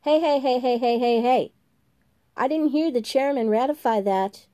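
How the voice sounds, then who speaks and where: A woman's voice: fairly high pitch, normal speed, warm tone, voice pushed up, lightly acted. A woman voicing a small, pale, fussy man who demands order in a storybook reading. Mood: exasperated.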